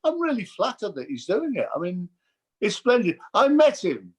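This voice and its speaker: An older man chatting as a guest, telling lively stories and mimicking voices. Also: sits high, normal speed, slightly rough. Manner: animated storyteller, mimics voices. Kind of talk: casual chat.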